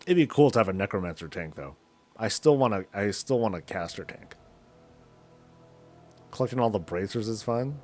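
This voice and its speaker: A man streaming a game, chatting casually in a loose, slangy, rambling way as he thinks out loud. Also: on the low side, animated, normal speed, long pauses, soft background music. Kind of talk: casual chat while gaming.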